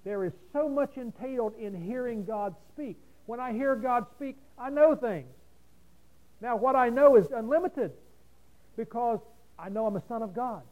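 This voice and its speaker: High-voiced preacher, loud then hushed. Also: male voice, normal speed, rough recording. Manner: folksy, rhetorical, swings from loud emphasis to quiet asides. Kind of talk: sermon.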